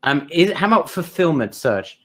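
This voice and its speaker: A man's voice: a little high, sing-song, moderate pace, a bit bright. A man hosting a webinar, enthusiastic and speaking straight to his viewers. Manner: enthusiastic, addresses the audience directly. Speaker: webinar host.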